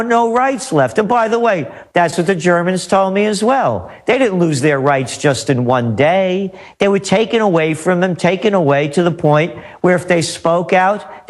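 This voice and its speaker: A man's voice: high-pitched, lively intonation, moderate pace, hardly any pauses. A man as a guest on a talk radio interview, ranting emphatically and repeating his points. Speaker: guest trend forecaster.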